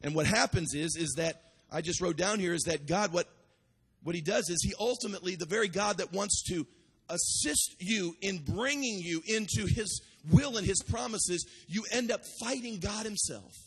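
A man preaching a sermon as pastor, building to shouted cries and repeating phrases with restarts. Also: sits high, normal speed, husky, big-room sound.

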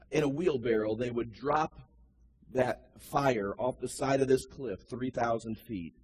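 A male pastor preaching a sermon, dropping low and quiet to tell a story, then rising to loud, high cries. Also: breathy edge.

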